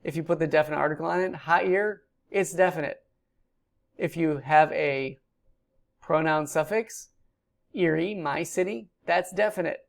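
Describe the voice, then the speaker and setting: A woman's voice: low voice, measured pace, vocal fry. A woman giving a recorded grammar lecture, explaining patiently with frequent ums. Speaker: Hebrew teacher.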